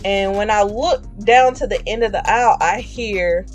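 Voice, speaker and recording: A woman's voice: medium pitch, moderate pace, faint music behind. A woman streamer telling a story in a chatty way, acting out the voices of the people in it with slang. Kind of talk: casual storytelling.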